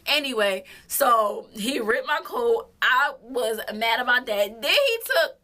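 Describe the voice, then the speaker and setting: A young woman co-hosting a casual couple's storytelling video, animated and laughing a lot as she tells the story. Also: fairly high pitch, slow. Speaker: beauty vlogger and co-host.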